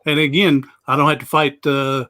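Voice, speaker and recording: A man chats as an interview guest over a video call, easygoing and rambling, with plenty of "uh"s. His voice sits a little high and comes across bright and forceful. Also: flat delivery, moderate pace. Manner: easygoing, rambling with frequent "uh" and restarts. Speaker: guest, motivational speaker. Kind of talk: casual interview chat.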